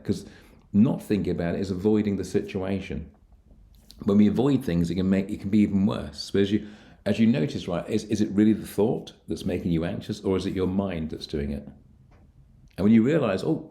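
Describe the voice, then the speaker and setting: A middle-aged man, a mind coach, calmly guiding the listener through techniques for handling anxiety, speaking straight to them. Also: fairly low pitch. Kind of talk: instructional coaching talk.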